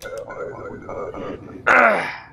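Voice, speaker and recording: Bright-voiced man narrating gameplay. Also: very slow. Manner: reads documents aloud, muttering asides. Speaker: gaming YouTuber. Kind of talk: casual let's-play commentary.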